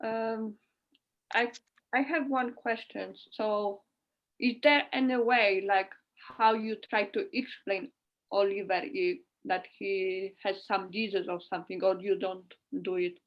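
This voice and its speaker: A woman asking an interview question haltingly, searching for words. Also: mid-range voice, steady tone. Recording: dull lo-fi sound.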